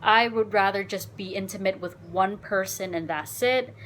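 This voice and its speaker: Woman, storytime vlog, casual, frank, animated, middle pitch, faint background hum. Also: moderate pace. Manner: animated, frank, swears, lots of "like". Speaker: vlogger.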